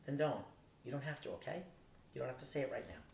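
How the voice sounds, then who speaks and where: A man voicing a gentle, reassuring teenage boy speaking over the phone. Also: lively intonation, quick pace, gravelly. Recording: roomy distant recording, faint rumble.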